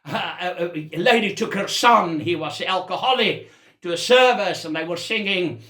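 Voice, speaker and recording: A man's voice: high-pitched, moderate pace, sharp tone, roomy sound. A man preaching a sermon as senior pastor, with a South African accent, exclaiming as he goes.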